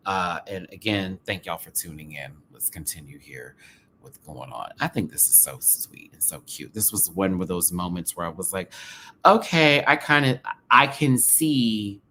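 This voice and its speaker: Sassy bright-voiced man reviewing a show. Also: low voice, normal speed, slight background noise. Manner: sassy, animated, big swings between loud bursts and hushed asides; drag slang, calls viewers sister and baby. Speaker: drag race show reviewer, channel host. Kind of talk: casual commentary to camera.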